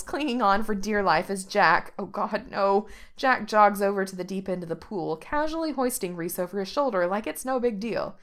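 A woman narrating a story aloud with steady, expressive delivery. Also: mid-range voice, normal speed, few pauses.

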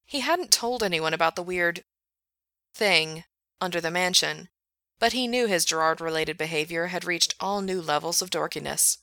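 A woman narrating a fiction audiobook in a steady, matter-of-fact reading. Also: fairly low pitch, moderate pace, dry recording. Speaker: reader.

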